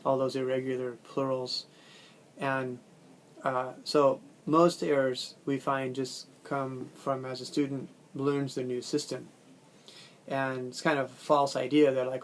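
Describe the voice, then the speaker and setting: A man with a Californian accent giving a recorded video lecture as a language teacher, in a relaxed, loose delivery full of fillers and self-corrections. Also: mid-range voice.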